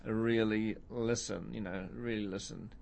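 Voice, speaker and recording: A man's voice: on the low side, steady tone, a little slow, gravelly, a little mellow. A middle-aged man, a musician guest in an interview, rambling through stories with many fillers and a self-deprecating tone. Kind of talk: casual interview chat.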